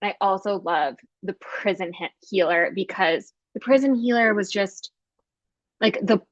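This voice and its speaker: A woman's voice: mid-range voice, no echo. Woman co-host, emphatic and gushing, casual chat, dry muffled sound. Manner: gushing, emphatic, fast bursts of enthusiasm. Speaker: podcast co-host. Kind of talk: casual chat about books.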